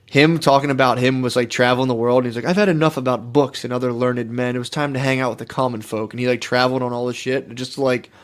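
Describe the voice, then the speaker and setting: A man's voice: medium pitch, steady tone, fast, few pauses. A man co-hosting a podcast in casual chat, rambling and philosophical, full of "like" and "dude". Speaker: podcast co-host.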